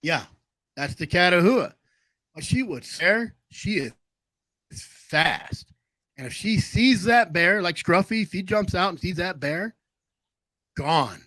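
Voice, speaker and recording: A man's voice: sits high, expressive, takes it slowly, pauses often, bright, forceful tone, no echo, low-quality recording. A man hosting a casual livestream chat, telling long rambling anecdotes. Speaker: livestream host.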